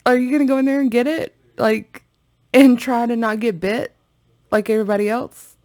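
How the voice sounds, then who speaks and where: A woman's voice: fairly high pitch, fairly even intonation, moderate pace, darkish tone. A woman hosting a reaction video, chatting casually and rambling to her viewers with frequent giggles.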